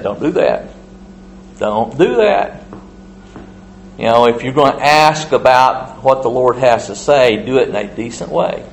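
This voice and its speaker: A man reading scripture aloud and explaining it in plain, halting asides, as in a Bible study. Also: medium pitch, creaky, slight background noise, poor audio. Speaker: Bible teacher.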